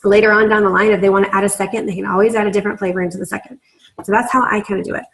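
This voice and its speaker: A woman's voice: mid-range voice, steady tone, very fast, poor audio. Chatty woman on a training call, lots of ums and likes, laughs easy. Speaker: team leader giving sales training.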